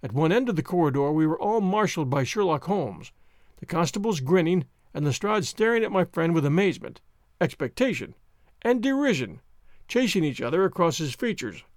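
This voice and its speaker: A man narrating a classic detective story in a measured, expressive audiobook reading. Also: fairly high pitch, dry recording, studio quality.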